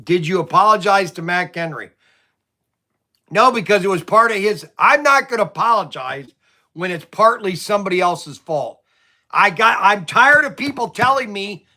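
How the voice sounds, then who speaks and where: Rambling middle-aged shop owner, bright voice. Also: male voice, sits high, animated, normal speed. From Ohio. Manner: stammering, restarts often, venting. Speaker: toy shop owner and livestream host. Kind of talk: rambling livestream chat.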